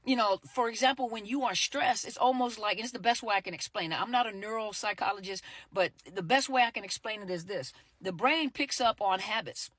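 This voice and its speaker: A woman's voice: mid-range voice, a bit bright, no room sound. Chatty woman therapist, dry close sound. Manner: conversational, repeats herself, many "you know" fillers, acts out quick quoted exchanges. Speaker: therapist and coach. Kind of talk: casual direct-to-camera talk.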